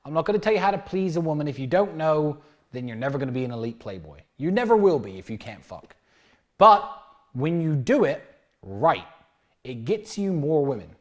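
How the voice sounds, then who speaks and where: A man's voice: on the high side, big pitch swings, fairly quick. A man giving a blunt, crude motivational monologue about dating, acting out bits of dialogue along the way. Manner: acts out little dialogues in different voices. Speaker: dating and lifestyle talker.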